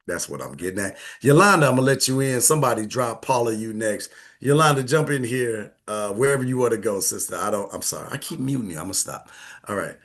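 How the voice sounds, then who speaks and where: A man talks to his audience in a lively, bouncing voice that climbs high and drops low. He is blunt and preachy, swears freely and laughs often, and keeps falling back to a hushed tone. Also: slightly rough. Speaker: host. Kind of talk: casual live-stream talk.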